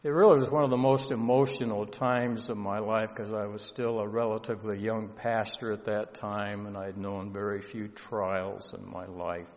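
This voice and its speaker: A male pastor telling a story in a sermon, slow and earnest, with emotion rising at times. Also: on the low side, flat delivery, a little mellow. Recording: dull lo-fi sound with long hall reverb.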